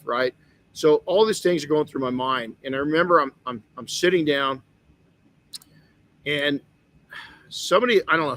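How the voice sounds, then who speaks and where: A man's voice: medium pitch, fairly bright tone, no echo. Candid man telling a personal story. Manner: candid storytelling, frequent restarts. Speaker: podcast host. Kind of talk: motivational podcast talk.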